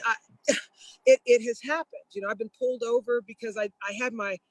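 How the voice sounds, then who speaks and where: A woman guest telling a story in a casual, lively way, laughing often and slipping into the voices of the people she quotes. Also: a little high, no room sound, poor audio.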